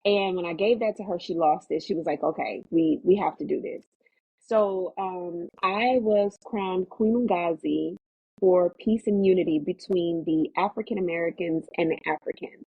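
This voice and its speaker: A woman tells her story as an interview guest, animated and quick to act out the voices of others. Her voice is low and husky. It comes over a tinny, phone-like remote line with a dry sound. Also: dry recording. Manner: animated storyteller, acts out quotes in a higher voice. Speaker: actress, podcast guest.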